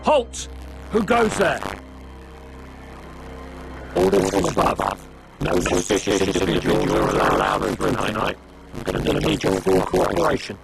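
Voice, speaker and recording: Gravelly, blustering city guard. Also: male voice, deep voice, huge pitch swings, normal speed, long pauses, music in the background, heavily acted, rough recording. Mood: stern. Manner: blustering, loose-lipped. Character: gruff, self-important male city guard. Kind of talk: game cutscene voice acting.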